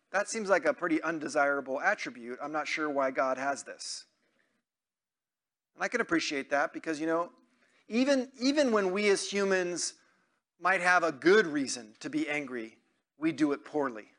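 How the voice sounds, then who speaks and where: A man's voice: on the high side, normal speed, a bit bright. A man preaching a sermon to his congregation in a conversational way, asking them questions and acting out quoted prayers. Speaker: pastor.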